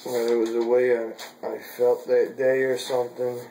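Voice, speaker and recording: A man's voice: medium pitch, flat delivery, normal speed, warm tone, roomy sound, slight background noise, poor audio. A man vlogging from home in a casual, frustrated way, swearing at gear that won't work.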